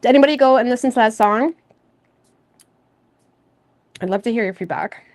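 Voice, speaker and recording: A woman's voice: fairly high pitch, moderate pace. A woman from Nova Scotia, Canada, running a casual tarot livestream. She talks in a loose, rambling, confiding way, with plenty of fillers and light laughs along the way. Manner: rambling, candid and chatty, with frequent fillers and soft laughs. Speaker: tarot reader and channel host.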